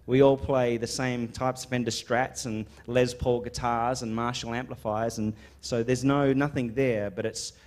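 A man from a band, being interviewed. He talks in an unhurried, reflective and teasing way. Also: mid-range voice, little pitch movement, darkish tone. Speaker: band member. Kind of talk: casual interview.

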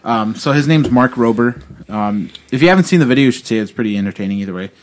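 A man's voice: medium pitch, lively intonation, quick pace, a little hiss or hum. Rambling, foul-mouthed male podcaster. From Illinois. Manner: rambling storyteller, swears often, many fillers. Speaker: podcast co-host. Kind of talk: casual chat.

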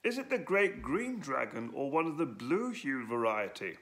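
A man's voice: mid-range voice, very animated, normal speed, fairly bright tone, pitched above the performer's own voice. A man voicing a meek young male knight with a droning, boring voice, reading a storybook aloud. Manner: droning, wordy.

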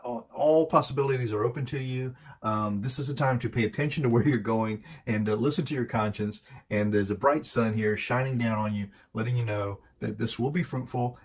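A man's voice: mid-range voice, husky. A man giving a casual, rambling tarot card reading, full of hesitations and fillers as he talks through each card. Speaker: tarot reader.

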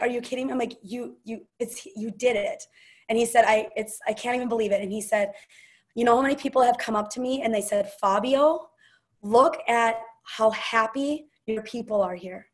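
A woman hosting a casual team call, telling stories and quoting people in a chatty, gushing way. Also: a little high. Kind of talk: casual storytelling chat.

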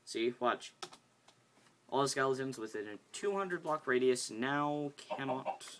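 A woman's voice: a bass voice, lively intonation, a little slow, noisy background. A woman hosting a casual, rambling game tutorial, chatting and getting sidetracked as she builds. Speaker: video game tutorial host.

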